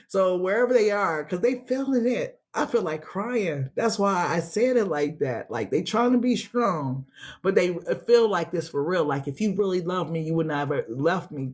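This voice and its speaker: A man giving a casual tarot reading, emotional and profane, often repeating words. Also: on the high side. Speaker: tarot reader.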